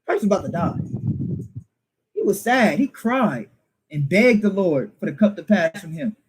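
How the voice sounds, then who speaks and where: High-voiced emphatic man preaching. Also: very animated, moderate pace, slight background noise, low-quality recording. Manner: emphatic, rhetorical questions, teasing laughs. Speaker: teacher. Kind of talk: informal preaching to a small group.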